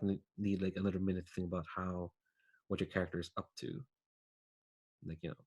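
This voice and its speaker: A man's voice: on the low side, breathy edge. A man running a tabletop game as game master, talking loosely with laughs and lots of fillers.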